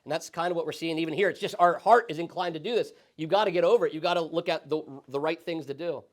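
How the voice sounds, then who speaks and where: A male pastor teaching a Sunday school Bible study in a conversational, animated way, often checking in with the class. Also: on the high side, quick pace. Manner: conversational, animated, frequent tag questions.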